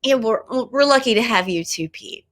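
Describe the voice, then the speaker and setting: A woman's voice: a little high, animated, normal speed, fairly bright tone, no echo, clean studio sound. An American woman, a musician guest, answering casually with short replies and frequent laughter. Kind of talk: casual interview chat.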